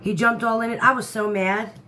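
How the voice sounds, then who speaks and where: A woman's voice: fairly high pitch, fairly even intonation, brisk, bright, forceful tone, a little hiss or hum. A woman hosting a casual live stream from home, greeting viewers by name and chatting as she reads the comments. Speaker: livestream host. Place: indoor room at home.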